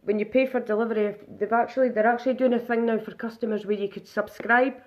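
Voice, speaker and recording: A woman's voice: on the high side, fairly even intonation, fast talker, dull audio. A woman chatting casually through a live makeup demonstration, narrating each step aloud.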